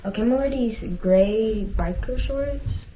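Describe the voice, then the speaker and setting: A woman's voice: a little high, a little slow, dark tone, a little hiss or hum, rough recording. A teenage girl vlogging at home in a casual, rambling way, full of fillers, sometimes venting. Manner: frustrated venting. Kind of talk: casual vlog chat. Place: home, bedroom and bathroom. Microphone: camera mic.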